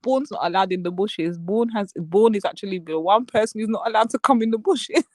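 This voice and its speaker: A woman's voice: mid-range voice, a little fast, a little mellow, no echo, clean studio sound. A young woman hosting a live stream, gossiping with lots of swearing and frequent laughter, and mimicking the people she talks about. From England. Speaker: livestream host. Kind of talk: casual live-stream commentary.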